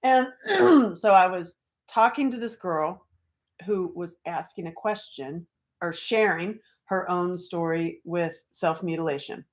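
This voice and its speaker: Middle-aged woman, lowish voice, casual livestream chat, animated, acts out quotes. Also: slow pace. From North Carolina. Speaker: author and speaker.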